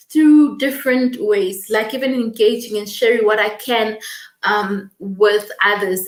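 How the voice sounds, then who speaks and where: A young woman hosting a casual livestream, greeting viewers by name and talking warmly and quickly about her channel and purpose. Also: mid-range voice, reverberant. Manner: warm, effusive, reads viewer comments aloud; fast-talking, emotional, laughing. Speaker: livestream host.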